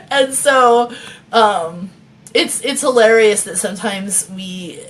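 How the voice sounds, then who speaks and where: A woman's voice: on the high side, big pitch swings, drawn-out words. A woman author reading her novel aloud and chatting with viewers, laughing often and swearing freely, on a phone mic.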